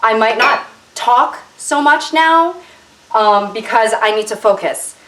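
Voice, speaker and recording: A woman's voice: on the high side, expressive, takes it slowly, a bit bright. A young woman chatting casually while cooking in her home kitchen, self-mocking and rambling, filling gaps with lots of fillers. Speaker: YouTuber. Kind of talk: casual cooking vlog chat. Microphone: camera tilted down on the counter. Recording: roomy kitchen sound from a distant camera mic.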